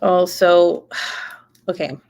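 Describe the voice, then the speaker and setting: Young woman youtuber rambling while she crafts, curses a ton, kinda low voice. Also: fairly even intonation, very slow, creaky, darkish tone. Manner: chatty, swears freely, rambling asides. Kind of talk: casual late-night craft livestream chat.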